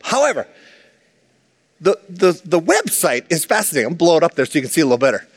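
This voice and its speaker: A man with a high voice preaches in a relaxed, animated way, tossing in chatty asides to his listeners. His voice rings with the long echo of a large hall. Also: quick pace, breathy edge. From Minnesota, USA. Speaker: pastor. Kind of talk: sermon.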